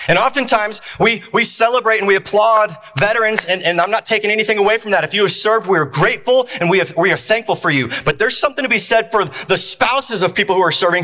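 A man preaching a sermon to his congregation, building points through repeated phrases and dramatic pauses. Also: high-pitched, pushed and bright. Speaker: pastor. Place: church.

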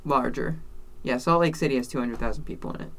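A man with a bright, forward voice, chatting casually as a co-host. He explains at length, dropping wry asides and little jokes as he goes. Plain conversational delivery. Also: mid-range voice, fast talker. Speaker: podcast co-host. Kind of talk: casual chat. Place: based in Salt Lake City.

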